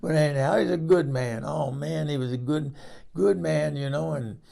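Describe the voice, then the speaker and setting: A man playing Eunice, a gravelly 78-year-old gossip. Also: a little high, moderate pace, mellow. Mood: fond, rambling. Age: 78 (figure). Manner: folksy, salty, rambling storyteller with many restarts. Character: rambling 78-year-old woman recalling her husbands. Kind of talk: comedic character monologue.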